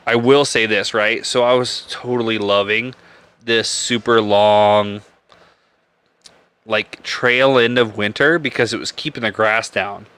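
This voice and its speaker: A man's voice: on the low side, fairly even intonation, measured pace, fairly bright tone, smooth. A man hosting a live beer podcast, rambling and joking crudely, laughing often. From Nebraska. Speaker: podcast host. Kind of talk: casual live-stream beer chat.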